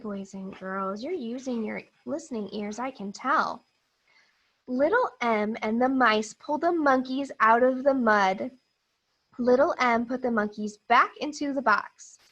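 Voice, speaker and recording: A woman teacher giving a phonics lesson to young children, reading a picture book aloud and modeling sounds in a slow, exaggerated, encouraging way. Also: a little high, expressive, fairly bright tone, dull audio.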